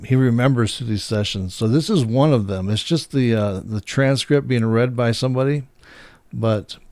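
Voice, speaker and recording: Rambling man with a dark, dry voice. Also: lowish voice, no echo. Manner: rambling, with many fillers. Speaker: host. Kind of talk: casual chat.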